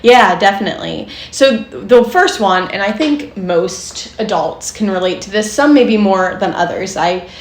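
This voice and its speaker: A young woman co-hosts a casual podcast, explaining child behavior in a chatty, filler-heavy way and laughing often. Her voice sits at a middle pitch. The recording carries a noticeable room echo. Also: expressive, a little slow, few pauses, a little hiss or hum. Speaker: podcast co-host, therapist.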